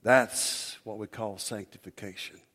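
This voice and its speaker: A man preaching a sermon in an emphatic way, with dramatic pauses. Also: medium pitch, steady tone.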